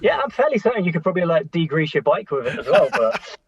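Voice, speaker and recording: A young man from the UK, a podcast guest telling travel stories with wry humor in a relaxed way. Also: fairly high pitch, quick pace, breathy edge, dry recording, lo-fi sound. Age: young adult. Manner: relaxed storyteller, wry jokes. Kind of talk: casual chat.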